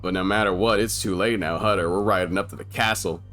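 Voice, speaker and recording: Excitable, slangy young man reacting to a film. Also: sits low, fast, soft background music. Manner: excited, slangy, swears a lot, laughs often. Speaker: movie reaction commentator. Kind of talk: casual film commentary.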